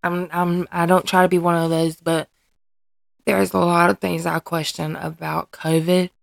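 A woman with a low, gravelly voice talks openly on her personal podcast. She speaks earnestly and hesitantly, often stopping and restarting as she looks for words. The recording is close and dry, with no room sound. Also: flat delivery, measured pace, dry recording. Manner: earnest and emotionally open. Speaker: podcast host and mother. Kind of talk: candid personal podcast monologue.

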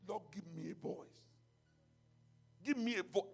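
A man, a pastor preaching and leading prayer, moving between quiet teaching and loud shouted prayer. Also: very high-pitched, lively intonation, measured pace, creaky, long pauses, husky, soft background music. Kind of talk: sermon and prayer.

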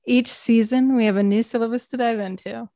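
A woman from the western United States co-hosting a podcast, playful and quick to laugh. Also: fairly high pitch, steady tone, mellow, dry recording, studio quality. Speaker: podcast co-host. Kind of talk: casual chat.

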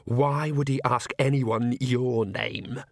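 A man doing a shrill, scornful inner girl voice. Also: steady tone, slow, vocal fry, no room sound, studio quality. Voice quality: shrill, squeaky. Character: bossy, scornful inner voice of a young woman.

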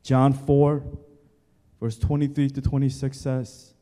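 A pastor preaches slowly in a dark, monotone voice of medium pitch. Speaking straight to his congregation in the church sanctuary, he presses points through repeated key words and lists, and his voice echoes with long church reverb.

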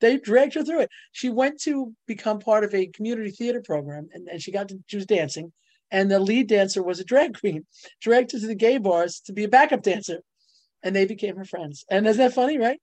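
A middle-aged woman tells stories as a guest in a casual interview. She talks in bursts and laughs often, and her voice leaps higher whenever she reaches a punchline. The sound is dry and close to the mic. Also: expressive, fairly quick, a little mellow, no room sound. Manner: bubbly storyteller, laughs often, voice jumps up on punchlines. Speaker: guest, ghostwriter and publisher. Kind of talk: animated casual interview talk.

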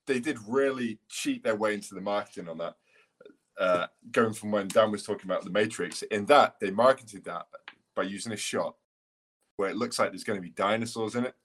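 A man co-hosting a podcast, chatting in a relaxed way, sharing film trivia and swearing casually. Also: lowish voice, brisk. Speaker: podcast co-host. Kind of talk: casual chat.

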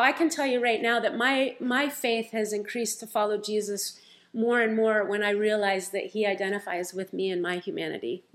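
A woman preaching a sermon, retelling scripture stories in a lively, conversational way. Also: medium pitch.

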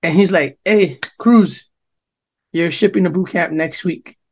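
A man's voice: high-pitched, a little slow, a little hiss or hum. A young man from New Jersey, co-hosting a podcast, telling a long, profane story in casual chat and quoting other people's lines. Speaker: podcast co-host.

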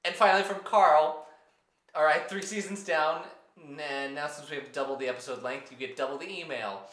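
A man co-hosting a podcast, reading listener emails aloud and adding quick, sheepish quips. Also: on the high side, fairly bright tone, echoey room. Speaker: podcast co-host.

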